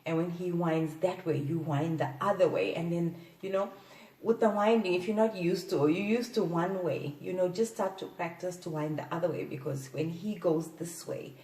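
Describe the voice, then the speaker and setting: A woman hosting a playful sex-advice talk, often giggling and letting out drawn-out "ooh"s. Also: sits low, a little mellow, distant mic. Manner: giggly, playful, breathy exclamations. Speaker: host. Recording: echoey room, off-mic.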